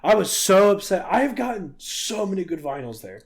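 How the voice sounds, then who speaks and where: A man's voice: sits high, brisk, gravelly. A man in his twenties on a podcast, telling a story in casual chat, swearing freely and acting out what people said. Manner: animated, swearing, acting out quotes. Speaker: podcast co-host.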